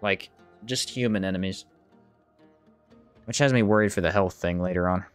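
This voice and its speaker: Chatty low-voiced male game streamer. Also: moderate pace, clear, resonant tone, faint music behind. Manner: chatty, reads out chat, jumps up in pitch when surprised. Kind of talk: casual live gameplay commentary.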